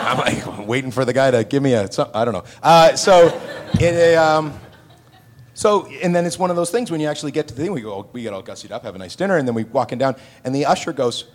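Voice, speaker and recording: A man on a convention panel telling long stories, lively and acting out the voices of the people he quotes. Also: mid-range voice, quick pace, slight background noise. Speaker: panel guest actor.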